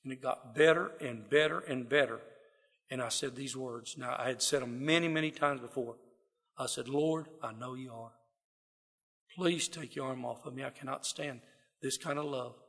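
A man's voice: mid-range voice, normal speed, fairly bright tone. A man giving a heartfelt, folksy personal testimony to a gathering. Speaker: speaker sharing recovery story. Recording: long reverb of a hall.

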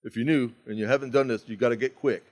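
A middle-aged man speaking at a recovery meeting, telling a personal story with wide swings from loud outbursts to hushed asides. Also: mid-range voice, fairly even intonation, quick pace. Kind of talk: storytelling talk.

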